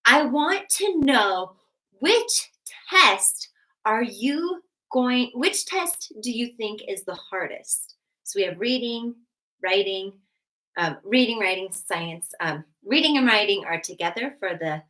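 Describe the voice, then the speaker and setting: A woman's voice: medium pitch, bright, forceful tone. A woman teaching a live online math lesson, bubbly and encouraging, chatting with viewers between steps. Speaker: GED math tutor. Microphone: webcam.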